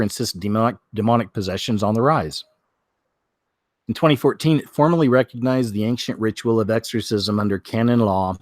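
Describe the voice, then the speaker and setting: A man hosting a show, reading news stories aloud, stumbling over words, clearing his throat and adding wry comments of his own. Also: on the low side, no room sound, clean studio sound. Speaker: host.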